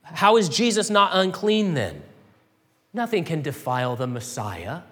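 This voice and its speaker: A man preaching a sermon to a congregation, animated, swinging from loud declarations to hushed lines. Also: a little high, unhurried. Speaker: pastor. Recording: long hall reverb.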